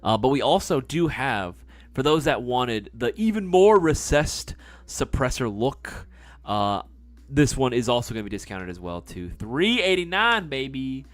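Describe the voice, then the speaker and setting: A man hosting a casual live-stream sales chat, playful and quick to swear. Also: mid-range voice, lively intonation.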